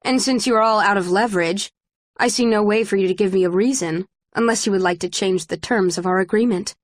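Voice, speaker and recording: A woman reading the part of a cold, calculating woman leader who speaks in a flat, factual way, in a dry recording. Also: mid-range voice, fast, no echo, lightly acted. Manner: flat, factual, clipped delivery.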